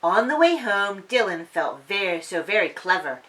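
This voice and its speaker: A woman reading a children's story aloud in a sing-song, expressive way. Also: mid-range voice, normal speed, slight background noise.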